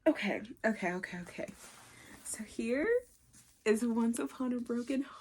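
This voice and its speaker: A woman talking casually in a book unboxing vlog, gushing with excitement and often dropping to a breathy whisper. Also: fairly high pitch, normal speed, pauses often. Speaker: book vlogger.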